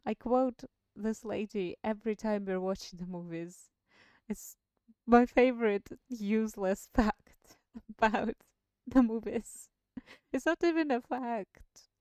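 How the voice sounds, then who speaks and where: A woman's voice: on the high side, slow, a little mellow, clean tone, dry recording. A woman, not a native English speaker, reading a storybook aloud and chatting on a live stream in a chatty, self-deprecating way. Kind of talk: book reading and casual chat on a live stream.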